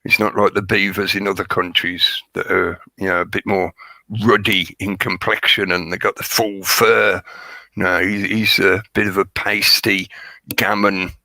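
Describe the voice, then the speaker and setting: Male stream host, hoarse, gravelly, bright edgy tone, dry close sound, chatty and joking. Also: sits low, level tone, unhurried, no room sound. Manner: chatty, joking, greets viewers by name. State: hoarse, crackly voice. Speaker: livestream host. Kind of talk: rambling live-stream chat.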